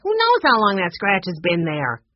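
A woman's voice: high voice, wildly swooping pitch, a little fast, breathy edge, pitched above the performer's own voice, exaggerated voice. A short-tempered man who snaps and growls his words, his voice jumping sharply, as a woman reads him aloud. A storybook grump in a dull, muffled recording. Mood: irritated. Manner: snappish, irritated.

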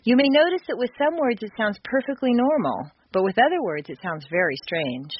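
A woman reading a scripted audio lesson as a language instructor, enunciating clearly and demonstrating shifts in word stress. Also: a little high, big pitch swings, a little fast, a little hiss or hum. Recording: dull lo-fi audio course recording.

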